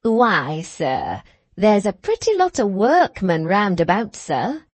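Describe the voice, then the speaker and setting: A woman's voice: mid-range voice, very animated, slow, no room sound. A woman voicing a pompous, chatty male village innkeeper with a treble, wheezy voice and a mincing accent, reading a classic novel aloud. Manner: deferential, chatty, says "sir" often.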